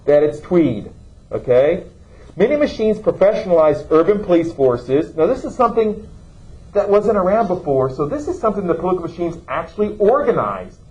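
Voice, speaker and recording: Male teacher, questioning style, somewhat high voice, lo-fi classroom recording. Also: big pitch swings, normal speed, dark tone. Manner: questioning, checks in with "okay?". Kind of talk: classroom lecture.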